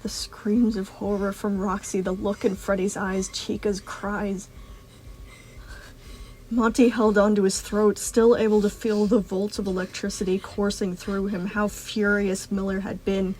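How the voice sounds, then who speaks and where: A woman's voice: medium pitch, flat delivery, a little slow, a little mellow, a little hiss or hum, poor audio. A woman reading a fan fiction story aloud in an intense, dramatic storytelling manner. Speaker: reader, narrator. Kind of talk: fan fiction audiobook narration.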